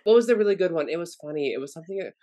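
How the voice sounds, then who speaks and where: A man's voice: on the high side, animated, very fast, mellow, no echo, clean studio sound. Rambling man chatting on a podcast. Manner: rambling, many fillers. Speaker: podcast co-host. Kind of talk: casual podcast chat.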